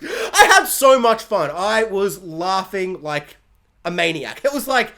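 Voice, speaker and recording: A reviewer giving a comedic spoiler review, animated and jokey, often acting out characters in silly voices. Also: medium pitch, takes it slowly, creaky. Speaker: TV show reviewer.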